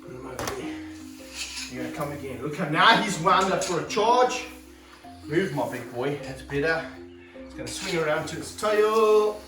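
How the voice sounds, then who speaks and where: An energetic man, handling and filming a snake outdoors for his vlog, exclaiming and coaching a helper. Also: on the high side, moderate pace. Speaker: snake handler and wildlife vlogger. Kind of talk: excited hands-on wildlife vlog. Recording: roomy sound, mic held off at a distance, faint music behind.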